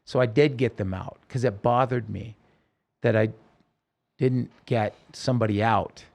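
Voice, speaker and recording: A man telling his own story in a podcast interview, earnest and halting, with many restarts. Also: mid-range voice, fairly even intonation, gravelly, darkish tone.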